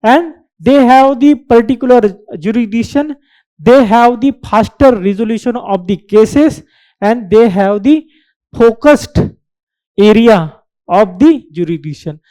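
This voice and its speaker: A woman teaches an exam-prep lesson at an unhurried pace. Her voice is mellow and dark-toned. She stresses key terms, repeats them, and keeps asking "right?" to check that her listeners follow. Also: a little high. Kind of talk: current affairs lecture.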